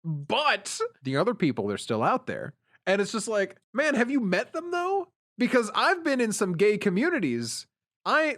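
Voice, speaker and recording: A young man from Pennsylvania, USA, co-hosts a podcast, his voice sitting high and a touch bright. He tells casual stories in a relaxed chat, quoting people in put-on voices.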